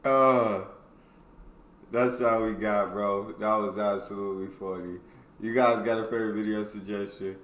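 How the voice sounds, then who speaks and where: American man, reaction host, casual amused slang, bright voice, echoey room. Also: on the low side, fairly even intonation, normal speed, slight background noise. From United States.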